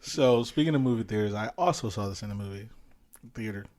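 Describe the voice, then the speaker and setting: A man's voice: on the low side, fast. Wry, easygoing man telling a story. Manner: relaxed, wry storytelling with chuckles. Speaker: podcast co-host. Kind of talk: casual movie review chat.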